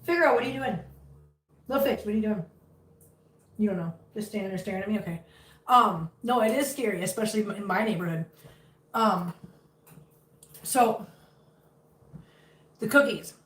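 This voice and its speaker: A woman's voice: medium pitch, expressive, normal speed, pauses often, fairly bright tone. A fifty-year-old woman hosting a casual livestream, chatting with viewers and cooing at her cats. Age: 50s. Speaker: livestream host. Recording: roomy, picked up from a distance, faint noise.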